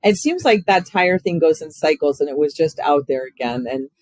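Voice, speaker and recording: A man hosts a podcast in casual interview-style chat, telling animated stories and acting out the voices of the people he quotes. His voice is on the high side at a moderate pace. The recording is dry and low-quality.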